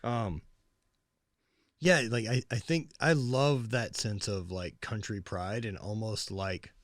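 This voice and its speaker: American podcast host dude, jokey and sweary, dry close mic. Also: male voice, on the low side, slow pace, no room sound. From United States. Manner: profane, joking, emphatic. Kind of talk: casual chat.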